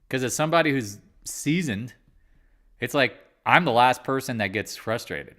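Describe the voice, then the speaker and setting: A man's voice: medium pitch, lively intonation, normal speed, a bit bright. A man hosting a live market chat, talking candidly and rambling, with casual swearing. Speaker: livestream trading host.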